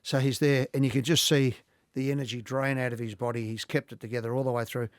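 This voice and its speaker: A middle-aged Australian man, a podcast guest, telling animated anecdotes in casual talk and laughing often. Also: mid-range voice, quick pace, no room sound, clean studio sound. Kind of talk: casual storytelling.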